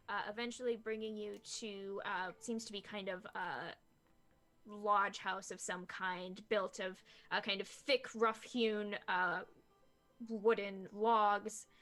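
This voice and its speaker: A woman runs a tabletop game, setting each scene in an unhurried, even voice full of fillers. Her pitch sits in the middle of the range, with faint music underneath. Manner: halting, many fillers while describing scenes. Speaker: game master.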